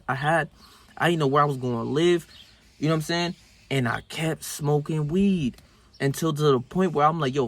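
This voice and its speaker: Slangy young man telling a story. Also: on the high side. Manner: slangy, profane, animated when reenacting scenes. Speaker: self-improvement vlogger. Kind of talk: casual storytelling monologue.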